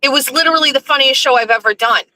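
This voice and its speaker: A woman hosting her own show, delivering a profane, ranting monologue that swings from low muttering to high indignation. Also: quick pace, sharp tone, slight background noise, low-quality recording. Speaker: host. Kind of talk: casual monologue on a livestream show.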